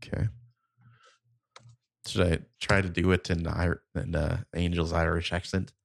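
Low gravelly dude, chill co-host just rambling through a recap, super dry sound. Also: male voice, level tone, unhurried, dry recording. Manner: laid-back, filler-heavy recapping. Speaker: podcast co-host. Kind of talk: casual chat. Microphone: remote call setup.

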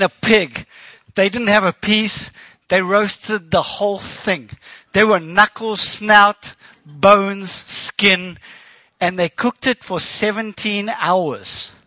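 A man's voice: high-pitched, sharp tone, no room sound. A man with a South African accent preaching as a guest speaker, telling stories with animation and acting out quoted speech. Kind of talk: sermon. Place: church.

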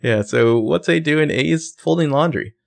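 A man's voice: a little high, normal speed, vocal fry. A man co-hosting a podcast, chatting and speculating about a TV episode with lots of fillers. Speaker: podcast co-host. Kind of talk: casual recap chat.

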